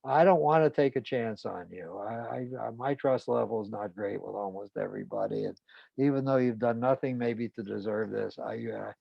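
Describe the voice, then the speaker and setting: A man's voice: mid-range voice, moderate pace, creaky, dry recording, dull audio. A man voicing a jealous, controlling older husband in his story, sounding possessive and pleading.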